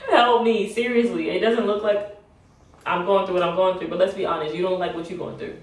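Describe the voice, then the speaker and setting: A young woman talks straight to her viewers in a lowish voice, emotional and half laughing to keep from crying. She sits back from the mic in a very echoey room. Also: fairly even intonation, quick pace, recorded from a distance. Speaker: vlogger. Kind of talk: personal plea to camera.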